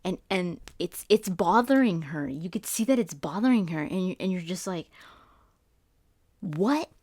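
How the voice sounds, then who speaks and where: A woman gaming YouTuber giving casual, excitable trailer commentary, rambling with frequent restarts. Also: on the low side, unhurried, dry recording. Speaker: gaming YouTuber doing Let's Plays.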